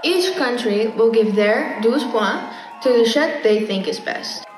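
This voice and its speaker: A woman's voice: fairly high pitch, expressive, unhurried, soft background music. A woman hosting a mock song-contest show in a formal yet playful announcer tone. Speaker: host. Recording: echoey room, from far off.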